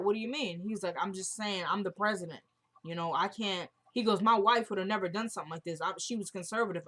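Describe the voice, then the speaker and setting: A woman's voice: mid-range voice, a bit bright. Chatty woman retelling a TV episode. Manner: retells scenes line by line with "she goes"; chatty, informal slang. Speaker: TV show recap vlogger. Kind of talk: casual episode recap.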